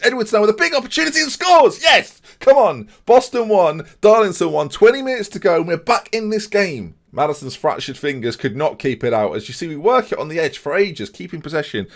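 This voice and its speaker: Excitable young man commentating a game. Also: mid-range voice. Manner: excitable, swings from fretting to shouting. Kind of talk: video game let's play commentary.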